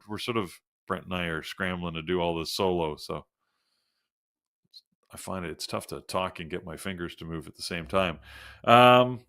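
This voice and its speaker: A man's voice: mid-range voice, sharp tone. A man hosting a live trading show, chatting casually through pre-market stock picks while reading news on the fly.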